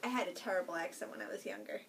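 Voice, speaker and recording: A woman's voice: mid-range voice, very fast, creaky, a bit bright, a little hiss or hum. A woman with a Long Island accent, co-hosting a podcast, chatty and giggly in casual conversation. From Long Island, New York. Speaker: podcast co-host. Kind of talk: casual chat.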